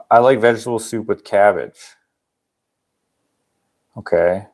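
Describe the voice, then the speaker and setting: A man's voice: lowish voice, unhurried. A young man from Canada hosting a casual livestream, joking around and reading viewer comments aloud. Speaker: livestream host.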